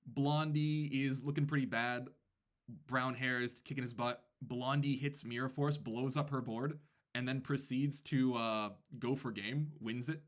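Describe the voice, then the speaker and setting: Speaking in a mid-range voice, a male teacher casually tells a story about his students, animated and quick with asides.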